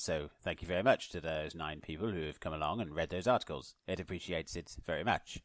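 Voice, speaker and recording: A man's voice: deep voice, fairly quick, few pauses, fairly bright tone, no echo, clean studio sound. A man hosting a solo podcast in a put-on posh newsreader manner, rambling and poking fun at himself. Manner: mock-posh newsreader delivery, self-mocking and rambling. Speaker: podcast host.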